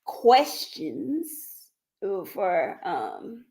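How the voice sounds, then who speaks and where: A woman's voice: mid-range voice, very animated, drawn-out words, gravelly, a little mellow. A woman hosting a counseling practice's livestream, chatting casually with viewers, laughing often and calling them by name.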